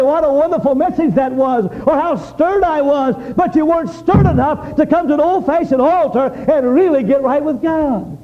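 A man preaching a revival sermon, telling a dramatic story with rising passion and pointed questions to the congregation. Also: high voice. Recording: dull lo-fi recording.

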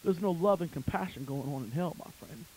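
A man preaching a fire-and-brimstone sermon, swinging between loud shouting and low, intense tones. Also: lively intonation, brisk, a little hiss or hum, low-quality recording.

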